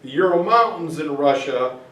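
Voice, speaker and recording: A man's voice: on the high side, animated, moderate pace, fairly bright tone. A man teaching a history class, lecturing in a chatty way with fillers and asides to students. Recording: echoey classroom from far off.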